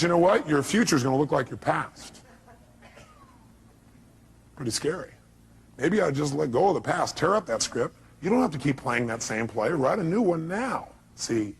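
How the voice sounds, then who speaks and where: A man's voice: medium pitch, a little hiss or hum, low-quality recording. A man giving an emphatic motivational speech to a live audience, firing off rhetorical questions. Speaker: motivational speaker.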